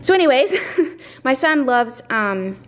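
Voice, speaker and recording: A woman vlogger rambles casually through a grocery haul at home, her voice sitting high and very animated but slow. She's slightly out of breath and full of fillers and asides.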